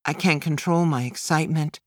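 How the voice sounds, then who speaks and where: A woman narrating a first-person memoir as an audiobook, in a measured, plain storytelling manner. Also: deep voice, dry recording, studio quality.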